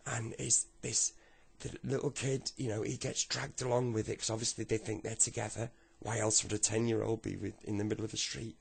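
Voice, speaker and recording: A man telling a long comic story, animated and acting out its characters. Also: fairly low pitch, brisk, gravelly, few pauses, slightly rough. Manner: animated, acts out the voices.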